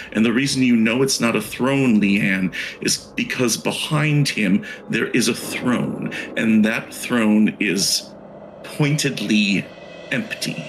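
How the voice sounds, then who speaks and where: A man's voice: lowish voice, slight background noise, rough recording. Hesitant male game master. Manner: hesitant, searching for words with many fillers. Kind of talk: narrating a tabletop horror game.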